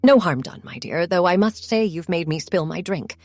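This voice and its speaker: A woman's voice: on the low side, normal speed, a little mellow, dry recording. A woman voicing a tall, kindly man with a gallant, good-humored manner.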